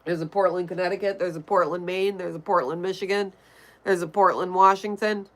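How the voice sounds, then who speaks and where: This livestream host talks a little quickly in a fairly low, nasal voice with fairly even intonation and a fairly bright tone. She keeps things casual, reading out chat messages from viewers and responding to each one.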